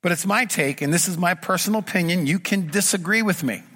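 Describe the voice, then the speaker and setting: A middle-aged man preaches in a church, earnest and emphatic, stacking one repeated phrase on the next. His voice sits a bit high for a man and comes through bright and forceful. A long reverb trails his words through the sanctuary. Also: fast talker, slightly rough. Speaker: pastor. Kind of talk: sermon.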